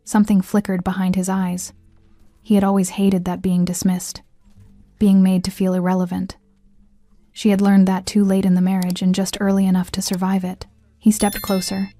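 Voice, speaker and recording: Mellow, even-toned woman narrator. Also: medium pitch, no echo. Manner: measured, even reading. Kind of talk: scripted story narration. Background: faint music.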